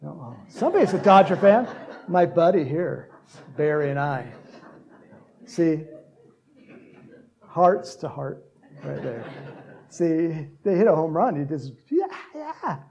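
A man preaching a sermon, joking with the congregation and breaking into loud shouts to act out cheering crowds. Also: on the high side, animated, slow pace, creaky, pauses often, highs cut off, a little hiss or hum. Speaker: pastor.

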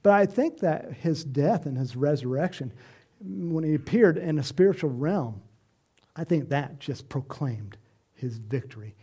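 A middle-aged man preaching an informal sermon, animated and chatty, acting out voices and chuckling as he speaks to the congregation. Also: on the high side, a little slow, husky. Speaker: pastor.

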